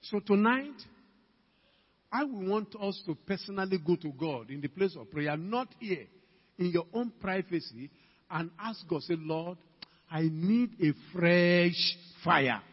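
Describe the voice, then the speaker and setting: Ghanaian male preacher, emphatic sermon that climbs to shouts, raised pitch, dull reverberant hall recording. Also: expressive, unhurried, husky. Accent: Ghanaian English. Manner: emphatic, calls out to the congregation, rising to shouts. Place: church hall.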